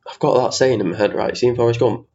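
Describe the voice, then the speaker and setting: A young man talks through a solo podcast episode, chatty and quick to rant, with casual swearing. His voice sits at an ordinary middle pitch. The recording sounds slightly dull and lo-fi. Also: steady tone, warm tone, slight background noise. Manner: chatty, ranty, swears casually, self-mocking. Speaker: podcast host.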